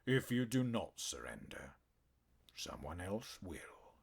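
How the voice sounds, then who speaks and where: A man voicing a huge, menacing male black cat warlord in an audiobook, speaking slowly in a deep, quiet near-whisper that drops to a growl. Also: big pitch swings, creaky, breathy edge, exaggerated voice. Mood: quietly menacing. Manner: slow, soft-spoken threats, growling.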